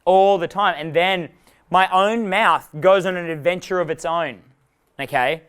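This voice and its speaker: A man's voice: high voice, measured pace, a bit bright, clear, resonant tone. A young adult man leading a live dating workshop, rambling and profane, laughing at his own jokes. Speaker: dating coach.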